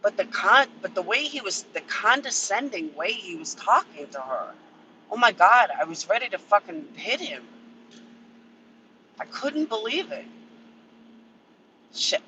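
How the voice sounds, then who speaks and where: A man's voice: high voice, sing-song, unhurried, pauses often, sharp tone, slight background noise, rough recording. A man ranting casually and profanely on a livestream from a vehicle, answering chat members by name. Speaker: livestream commentator.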